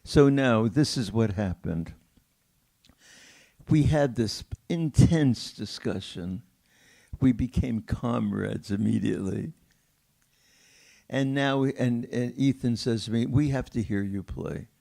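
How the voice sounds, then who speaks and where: An older male pianist tells stories at a film Q&A in a theater, speaking slowly and warmly, chuckling and acting out the voices of people he quotes. His voice is mid-range with vocal fry.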